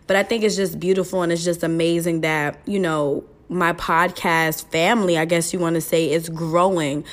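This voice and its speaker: A woman's voice: on the low side, fairly even intonation, moderate pace. A young woman hosting her own podcast in a loose, chatty way, swearing freely and laughing at herself. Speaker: podcast host. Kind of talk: casual solo podcast chat.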